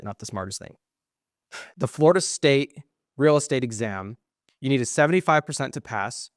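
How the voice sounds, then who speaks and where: Casual and animated, a young male podcast co-host rambles through a personal anecdote, swearing freely and acting out each side of the dialogue. His voice has an average pitch, and the close, dry recording has no echo.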